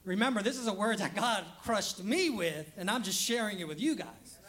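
A man's voice: high-pitched, animated, normal speed, fairly bright tone. A male pastor giving a live church sermon in a conversational style, repeating words for emphasis and briefly acting out the people he quotes. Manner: conversational preaching that acts out short quoted voices. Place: church service streamed live.

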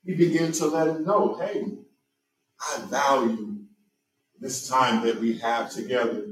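A man's voice: mid-range voice, fairly even intonation, measured pace. A man preaching a sermon as pastor, constantly interjecting amen and hallelujah. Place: church sanctuary. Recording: echoey room, voice from a distance.

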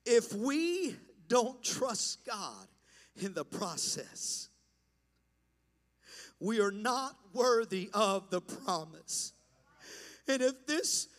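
A man preaching a sermon in a church, impassioned and building to shouts over a slow, deliberate delivery. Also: very high voice, big-room sound. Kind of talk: pentecostal-style sermon. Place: church sanctuary.

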